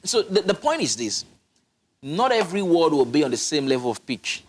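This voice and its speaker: A man's voice: on the high side, very animated, normal speed, a little hiss or hum. A man, a public speaking coach, explaining his methods emphatically in a studio interview, often restarting his sentences. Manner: instructive, emphatic, with frequent restarts.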